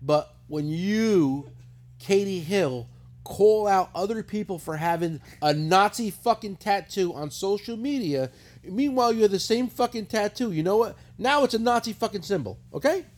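A middle-aged man hosting a casual podcast, telling stories in a profane, animated way. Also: high voice, moderate pace. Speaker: podcast host. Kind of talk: casual chat.

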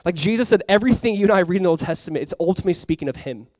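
Male pastor, young, high voice, dry close sound, animated conversational sermon. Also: very fast, no room sound. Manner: animated, conversational preaching with frequent "like".

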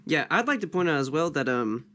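A man's voice: on the high side, big pitch swings, fairly quick, fairly bright tone. Man reading scripture and chatting. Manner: conversational, with fillers like "you know". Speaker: Bible study participant.

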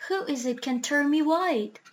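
A woman's voice: high voice, a little slow. A woman reading aloud, voicing a dreamy young prince who speaks in a theatrical way. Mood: joyful.

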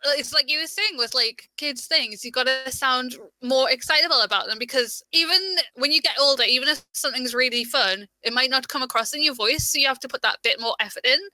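Young Geordie woman, high bright voice, chatty, dry close mic. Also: brisk, few pauses. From Newcastle, England. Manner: chatty, lots of "like", lively and expressive. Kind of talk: casual chat.

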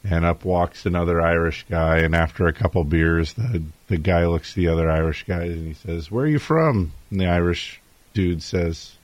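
Very deep-voiced man, jokey host. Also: flat delivery, moderate pace, dry recording. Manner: jokey storyteller, chuckles often. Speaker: show host. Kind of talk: casual chat.

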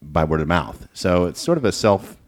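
Very deep-voiced man chatting with many ums. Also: lively intonation, moderate pace. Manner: explains at length with many "um"s and "uh"s. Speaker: guest comedian. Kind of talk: casual podcast chat.

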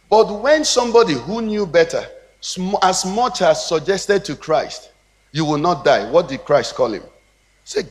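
A man with a Nigerian English accent, a pastor preaching a sermon with a rhythmic cadence and call-and-response questions to the congregation. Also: high voice. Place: church hall. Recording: long reverb of a church hall.

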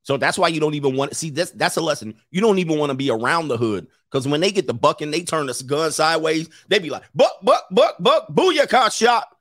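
Animated, fairly high-voiced man telling stories. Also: quick pace, few pauses, dry recording, clean studio sound. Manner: animated, laughs often, acts out voices. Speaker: livestream host. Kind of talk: casual livestream storytelling.

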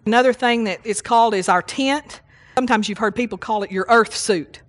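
A woman's voice: a little high, brisk. A woman preaching a sermon, reading scripture and teaching with emphatic repetition and call-outs to the congregation.

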